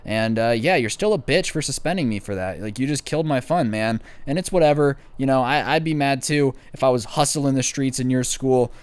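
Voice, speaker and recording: A young man tells a casual storytime with a swaggering, joking edge. His voice is smooth and clean, and it sits at an ordinary middle pitch. The sound is dry and close. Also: brisk, hardly any pauses, no echo. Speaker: vlogger.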